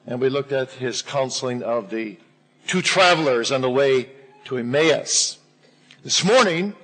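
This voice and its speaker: A male pastor delivers a sermon in a church with a bright, forceful tone and a slightly raised pitch. He speaks deliberately, lifting his voice to stress key phrases. A husky grain runs through his delivery. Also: rough recording.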